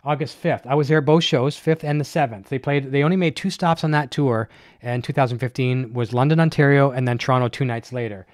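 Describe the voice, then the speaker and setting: A man hosting a live online show, chatting casually and excitedly while unboxing, with many fillers and restarts. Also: mid-range voice, a little fast, dry recording, studio quality. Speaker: host of a live gear show.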